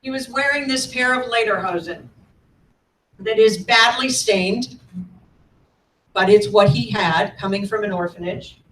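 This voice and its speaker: A woman in her sixties, a guest speaker at a lecture, telling her family's history in a measured, earnest storytelling manner while showing slides. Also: medium pitch, a bit bright. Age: 60s. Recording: echoey room, mic at a distance.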